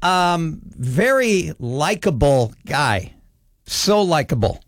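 A man's voice: on the high side, very animated, takes it slowly, dry recording, studio quality. A man hosting a talk show, chatting enthusiastically and casually with his co-host. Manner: enthusiastic, conversational.

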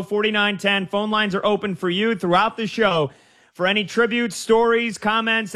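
Bright, high-voiced sports radio host man. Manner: upbeat, casual, calls listeners man and brother. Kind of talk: energetic sports radio talk.

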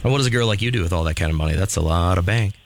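A man's voice: low-pitched, racing, faint music behind. A man hosting a morning radio show, telling stories and teasing callers in casual banter. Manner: joking storyteller, teasing callers.

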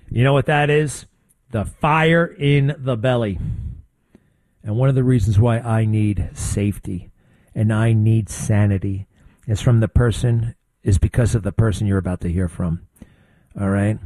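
An older man hosting a talk show, giving blunt, conversational political commentary with quick asides. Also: fairly low pitch, darkish tone, no room sound. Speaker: radio talk show host.

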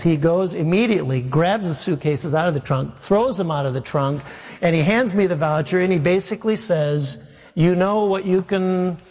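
Pastor, male, fairly high voice, lively storytelling sermon, long hall reverb. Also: a little hiss or hum. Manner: humorous, animated anecdote with acted-out dialogue.

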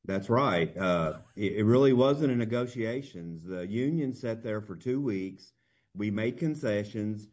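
A man, a union representative speaking as an interview guest, earnest and plain-spoken, with halting restarts. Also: fairly low pitch, expressive, darkish tone.

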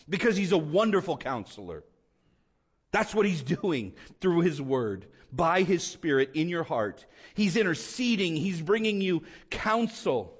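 Passionate male pastor, fairly high voice, preaching with big swings from bold to hushed. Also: sing-song, unhurried, husky. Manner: impassioned preaching, swings between loud emphatic and quiet hushed delivery. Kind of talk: sermon.

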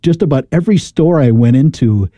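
Dark-voiced American radio host. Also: male voice, medium pitch, expressive, fairly quick, no room sound, studio quality. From United States. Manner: rambling, warm enthusiasm with fillers. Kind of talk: pledge drive chat.

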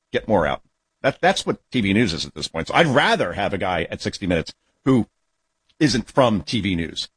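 Older man, talk radio host, low voice, husky, dry close sound, sardonic commentary. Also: no echo. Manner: sardonic, mocking asides.

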